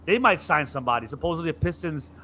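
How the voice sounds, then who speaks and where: Male podcast co-host, bright tone, lively, excitable sports banter. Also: fairly high pitch, quick pace, slight background noise. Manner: animated, acts out players' griping with profanity. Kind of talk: casual sports chat.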